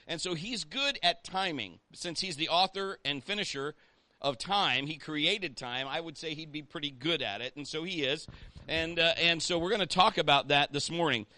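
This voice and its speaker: A man's voice: a little high, moderate pace, bright, forceful tone. A man, a pastor, preaching a sermon in a conversational way and rallying the congregation with call-outs.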